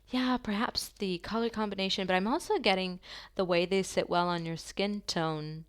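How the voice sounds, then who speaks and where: A woman giving a channeled tarot reading to her viewers, talking softly and slowly in an affirming way, with long pauses. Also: medium pitch, a little hiss or hum. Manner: soft, slow and affirming, with drawn-out pauses.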